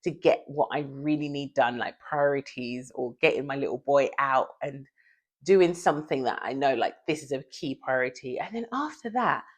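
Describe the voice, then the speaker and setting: A woman vlogging from home in casual chat, chatty and confiding, often out of breath. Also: deep voice.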